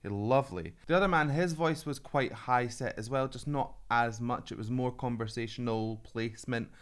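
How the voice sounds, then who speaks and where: A man's voice: mid-range voice, moderate pace, clean tone. A man, a vocal coach giving analytical, enthusiastic reaction commentary on singers. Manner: analytical and enthusiastic, prone to laughing. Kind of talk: reaction commentary on a singing video.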